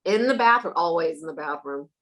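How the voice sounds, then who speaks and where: Fairly quick and low-voiced, a woman psychic medium recounts stories in a casual interview, animated and frequently laughing as she acts out the people's voices. The recording is low quality.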